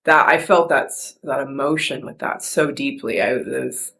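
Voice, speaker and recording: A woman podcast host talks in a relaxed, reflective chat. Her voice carries a gravelly, creaky edge. She rambles earnestly and softly, circling back with fillers and restarts. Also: very deep voice, measured pace.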